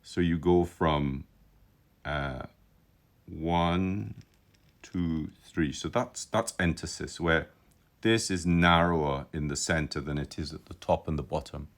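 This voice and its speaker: A man with a very deep voice talks through calligraphy letters on a live stream. He sounds enthusiastic and thinks out loud, repeating words and restarting as he goes. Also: slow pace. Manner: enthusiastic, musing, full of restarts and filler. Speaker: calligraphy teacher. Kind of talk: live-streamed lesson, casual commentary.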